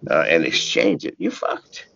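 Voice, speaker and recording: An older man giving an interview, cursing freely and telling stories in an animated way, his voice jumping into sudden high shouts and laughs. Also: unhurried, vocal fry, highs cut off. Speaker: interview guest. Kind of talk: casual interview talk.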